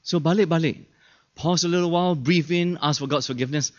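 Preaching at a quick pace in a fairly high voice, a pastor chats through his sermon, tossing rhetorical questions at the audience. He often impersonates those he quotes with shifted voices, and the sermon recording is dull and low-fidelity.

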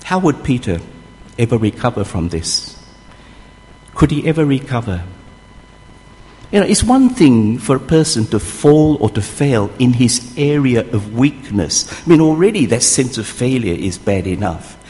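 A man preaching a sermon, telling the story vividly and acting out the voices of the people in it. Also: on the high side. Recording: long hall reverb.

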